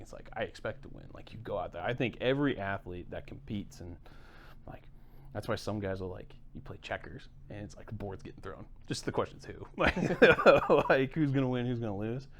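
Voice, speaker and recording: Low guy hosting a coaching podcast, chill and chatty, thinks out loud. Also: a little hiss or hum. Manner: conversational, reflective, many fillers. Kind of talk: casual podcast chat.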